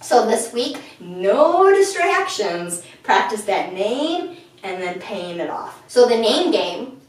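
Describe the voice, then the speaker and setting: A woman dog trainer explaining steps clearly in an instructional video, filmed indoors at home and breaking into high sing-song praise. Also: big pitch swings, slow pace. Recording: very echoey room, far from the mic.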